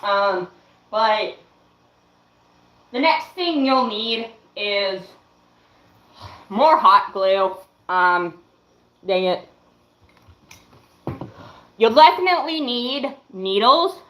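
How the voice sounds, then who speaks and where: A young woman in her late teens chatting casually on a livestream, showing her craft work in a slow, hesitant way with lots of "um"s. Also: medium pitch, lively intonation, a bit bright, reverberant, rough recording. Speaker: livestreamer and fursuit maker.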